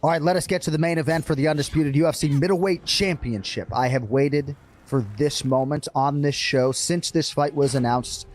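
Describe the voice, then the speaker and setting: A man hosting a sports show, setting up the fight and the odds in a measured, announcer-like way. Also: on the high side, fairly even intonation. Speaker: show host.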